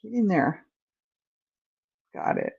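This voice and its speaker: A woman's voice: mid-range voice, big pitch swings, slow pace, creaky, darkish tone, breathy edge. A woman hosting a casual crochet livestream, cooing in baby talk to her cat between rambling asides, on a slightly dull recording. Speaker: crochet channel host.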